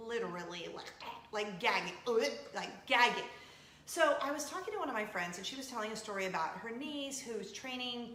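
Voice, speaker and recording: Woman in her forties, casual chat host, lively swooping voice, roomy echo. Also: a little high. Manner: animated and self-mocking, dramatic retelling. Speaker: host of a weekly coffee talk show. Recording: roomy echo with faint room noise.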